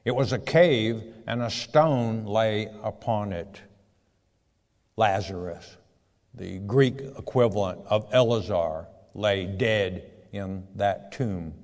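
A man's voice: fairly low pitch, slow, darkish tone, long reverb tail. A man teaching scripture verse by verse, reading each passage and then explaining it in plain words. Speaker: preacher.

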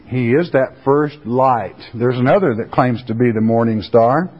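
A man's voice: mid-range voice, moderate pace, hardly any pauses, husky. A man preaching a sermon in a folksy, plain-spoken way, stretching out the scripture he reads for emphasis. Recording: dull recording in a reverberant hall.

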